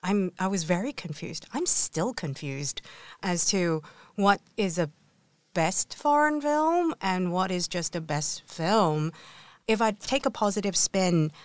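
A woman's voice: on the low side, smooth, no echo. A woman guest in an interview, answering thoughtfully and filling her sentences with "like, you know.". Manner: thoughtful, hedging with fillers.

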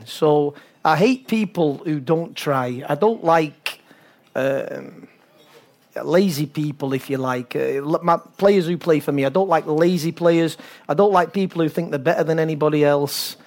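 Older English man, football coach, lively raconteur; slightly high voice, chatty interview guest. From England. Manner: animated storyteller, laughs often, acts out voices. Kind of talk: talk-show interview.

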